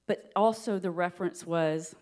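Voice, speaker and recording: A woman giving a sermon in an earnest, steady teaching manner, with light laughs now and then. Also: lowish voice, moderate pace. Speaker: preacher.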